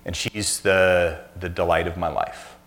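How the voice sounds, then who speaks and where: Deep-voiced man telling stories in a sermon. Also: fairly even intonation, unhurried, a bit bright. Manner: anecdotal, self-deprecating storyteller. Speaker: church speaker. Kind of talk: conversational sermon.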